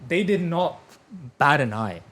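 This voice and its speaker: A man hosting a casual podcast, telling a story with lots of energy and swearing along the way. His voice sits somewhat high for a man and he keeps it lively. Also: measured pace, a little hiss or hum. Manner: animated storyteller, swears freely. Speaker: podcast host.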